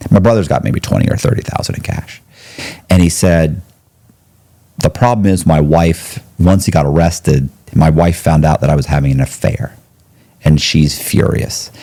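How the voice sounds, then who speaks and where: A man telling a story as a podcast guest in casual talk, animated, and he jumps up high when he quotes people. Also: gravelly. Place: podcast studio.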